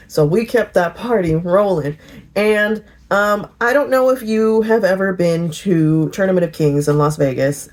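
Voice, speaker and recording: A middle-aged woman chatting casually in a get-ready-with-me vlog, telling a lively story with laughter. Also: deep voice. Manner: animated storytelling, laughing and singing along. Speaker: vlogger.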